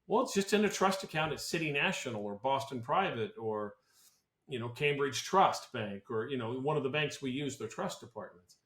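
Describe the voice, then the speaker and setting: A man's voice: medium pitch, lively intonation, moderate pace, fairly bright tone. A man who advises on tax planning talks on a podcast in a casual, blunt and opinionated way, often restarting his sentences. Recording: roomy echo.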